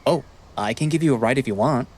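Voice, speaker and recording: A man's voice: mid-range voice, fast, darkish tone, slightly rough, close to an everyday voice. A man voicing David, a frustrated young best friend, in a visual novel reading with faint music behind. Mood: friendly, awkward. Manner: pleading, earnest, swearing when upset.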